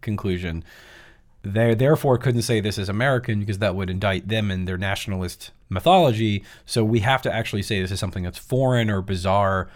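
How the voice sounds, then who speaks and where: A man co-hosting a political podcast, reading out quotes in a brisk, sardonic way. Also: fairly low pitch. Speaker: podcast co-host. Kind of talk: political commentary chat.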